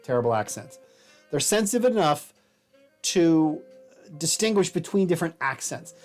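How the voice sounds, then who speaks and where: A man's voice: on the high side, moderate pace, soft background music. A man giving a casual, explanatory college lecture, with a self-deprecating manner.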